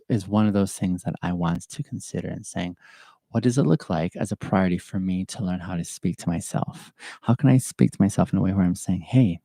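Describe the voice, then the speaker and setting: A man's voice: low-pitched, gravelly, warm tone, no echo. A middle-aged man hosting a reflective solo podcast, speaking earnestly and thoughtfully, often repeating his phrases. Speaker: podcast host. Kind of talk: reflective solo podcast talk with live chat.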